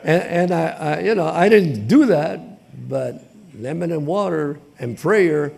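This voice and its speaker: A male preacher with a high, gravelly voice delivers an impassioned sermon. He talks plainly with slang and repetition and builds up to shouting. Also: a little slow.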